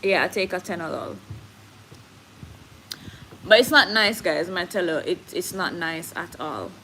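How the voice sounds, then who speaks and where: On a casual live stream, a woman with a Jamaican accent chats candidly, reads viewer comments, and slips into patois. Her fairly low voice is unhurried, pushed, and bright. The audio is poor, with a little hiss or hum.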